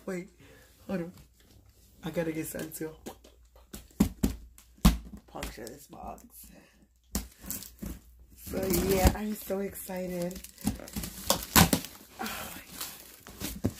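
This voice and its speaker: A woman vlogging casually from her bed, gushing and excitable as she opens a gift box, with lots of fillers. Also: fairly low pitch, slow, pauses often, very noisy. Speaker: YouTube vlogger. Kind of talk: casual unboxing vlog.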